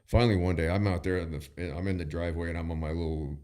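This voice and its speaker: A man's voice: deep voice, steady tone, fast, mellow, clear, resonant tone. A middle-aged man telling a rambling story in casual chat, profane and laughing often. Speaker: podcast host.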